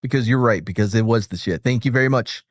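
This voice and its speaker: A man's voice: mid-range voice, fast talker, no room sound, studio quality. A man hosting a casual late-night chat, loose and profane, joking with his co-hosts. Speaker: host.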